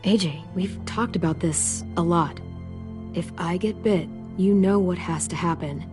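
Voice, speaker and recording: A young woman voicing a protective teenage girl in a video game, gentle but firm and reassuring, over game music. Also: fairly low pitch, a little slow, lightly acted. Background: game score music.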